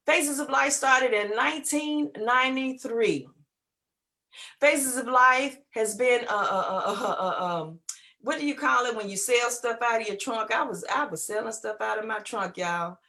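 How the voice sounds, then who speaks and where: A woman speaking as an inspirational guest, preachy and repetitive, pausing to hunt for words. Her voice is bright and fairly high. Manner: preachy, repetitive, laughs easily, searches for words. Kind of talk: inspirational talk.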